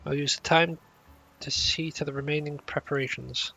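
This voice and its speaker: A proud, earnest young scholar from a fantasy game, as a man puts him on. He talks in formal, old-fashioned phrases with a slightly high, bright and rough-edged voice. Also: steady tone, normal speed, exaggerated voice. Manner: formal old-fashioned speech, stumbles over words.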